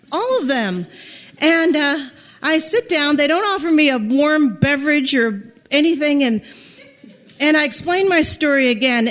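A middle-aged American woman with a high, light voice tells a personal story. She builds up the drama and acts out her own quoted speech with feeling. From United States. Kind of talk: personal story told to listeners.

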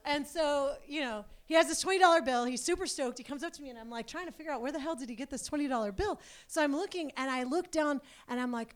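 High-voiced woman telling a rambling story. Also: fast. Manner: rambling, filler-heavy, chatty. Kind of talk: casual personal storytelling.

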